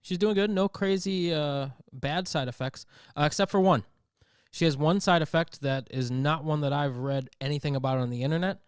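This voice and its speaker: A man hosting a podcast, telling comic stories in an animated rant and acting out other people. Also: a little high, normal speed, clean tone, no echo, studio quality. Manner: animated storytelling, acts out voices. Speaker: podcast host. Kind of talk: comedic rant.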